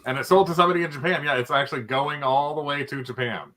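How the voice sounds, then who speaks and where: A man hosting a casual podcast chat, animated, exclaiming and laughing often. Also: fairly high pitch, quick pace, a loud crowd. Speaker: podcast host.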